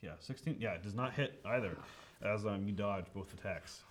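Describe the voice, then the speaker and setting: A man narrating as game master in a relaxed, hesitant way, often filling pauses with "um". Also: fairly low pitch, a little hiss or hum. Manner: relaxed, hesitant, lots of fillers and chuckles.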